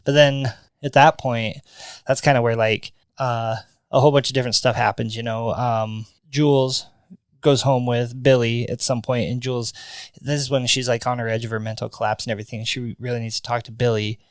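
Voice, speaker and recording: A man's voice: medium pitch, fairly even intonation, a little fast, smooth, dry recording. A man co-hosting a podcast, loosely and profanely retelling a movie plot with lots of ums. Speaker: podcast co-host. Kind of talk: casual movie recap chat.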